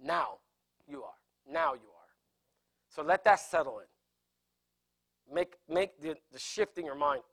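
A male pastor teaches from scripture in an earnest sermon style. His voice sits fairly high for a man, and he repeats key phrases as he builds emphasis. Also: lively intonation, slow pace, long pauses, a bit bright.

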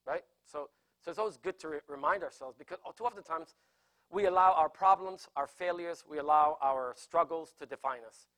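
A man's voice: fairly high pitch, fairly quick, fairly bright tone. A man preaching a sermon, earnestly explaining scripture and repeating phrases for emphasis. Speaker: pastor. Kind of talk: sermon teaching.

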